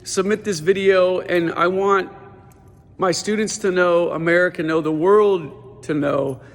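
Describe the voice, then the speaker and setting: A man with a notably high voice delivers casual stand-up stories and an audition pitch. He is animated and loose, full of "dude" and "like." A long reverb trails his words, as if he were recorded in a big hall. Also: a little slow. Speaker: teen center director doing stand-up.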